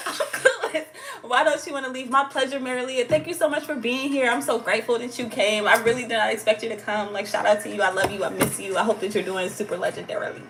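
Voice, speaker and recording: A woman's voice: on the high side, brisk, background noise. An American woman hosting a livestream in a playful, slangy way, laughing often between remarks. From United States. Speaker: tarot channel host. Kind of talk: casual livestream chat.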